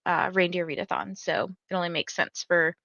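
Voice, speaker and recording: A woman's voice: on the low side, fairly even intonation, moderate pace, creaky, sharp tone, no echo, lo-fi sound. A young woman hosting a reading livestream, telling a story in chatty casual talk full of "like" fillers. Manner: chatty storytelling, many "like" fillers, laughs often. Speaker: livestream host of reading sprints. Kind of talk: casual chat to livestream viewers.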